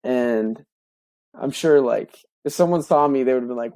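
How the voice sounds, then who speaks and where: Young male podcaster, mellow and dry-sounding, rambling earnest storyteller with lots of "like" and "um". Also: medium pitch, no room sound. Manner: halting, many fillers and restarts, heartfelt. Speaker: podcast co-host. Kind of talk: personal story, casual monologue.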